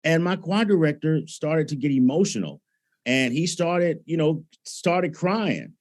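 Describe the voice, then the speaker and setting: A man from Alabama, a choral conductor telling stories in a lively, conversational way. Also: fairly high pitch, measured pace. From Alabama, USA. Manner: animated storyteller, acts out his own past thoughts. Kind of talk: conversational storytelling.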